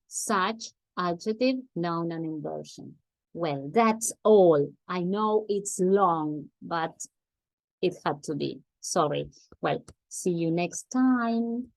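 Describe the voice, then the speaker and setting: Slow, patient woman teaching grammar. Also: lowish voice, expressive, no room sound. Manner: patient, repeats examples slowly, checks with "Yes?". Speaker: English teacher. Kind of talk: grammar lesson.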